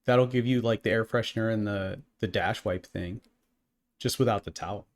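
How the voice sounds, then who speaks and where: A man co-hosting a podcast in casual chat, relaxed and full of filler words. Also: fairly low pitch, normal speed. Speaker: podcast co-host.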